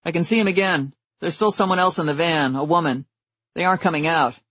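A man's voice: on the high side, brisk, a bit bright, no room sound. A man voicing a police officer who reports details urgently over an earpiece radio. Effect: muffled earpiece voice.

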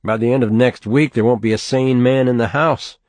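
A man's voice: medium pitch, steady tone, normal speed, a little mellow, no room sound, pitched above the performer's own voice, close to an everyday voice. A man voicing an easygoing young male student, teasing and casual, in an audiobook.

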